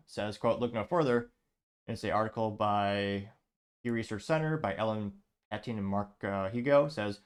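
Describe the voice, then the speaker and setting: A man hosting a show, casually reading online comments aloud and adding dry asides. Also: fairly low pitch. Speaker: show host.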